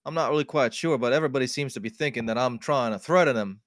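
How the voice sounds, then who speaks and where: A man's voice: mid-range voice, fast talker, no echo, studio quality, natural voice. A man voicing a frog man in a tabletop game, overly courteous and formal, with odd grammar and a put-on accent. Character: polite, stiffly formal frog man adventurer.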